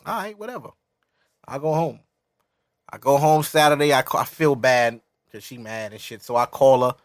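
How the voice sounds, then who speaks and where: A man's voice: mid-range voice, moderate pace, dry recording, clean studio sound. A man in his thirties, a podcast host, telling a story in casual, profane chat. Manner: animated, profane, laughs through his story.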